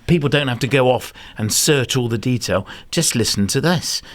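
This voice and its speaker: A man's voice: mid-range voice, lively intonation, normal speed, no echo. Chatty male podcast host at a show. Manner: chatty, laughs easily. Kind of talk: casual interview at a trade show. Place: busy exhibition hall.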